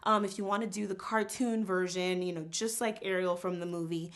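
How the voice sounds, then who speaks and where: A woman teaching a casual singing lesson, animated and explaining with quick spoken and sung examples. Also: fairly low pitch.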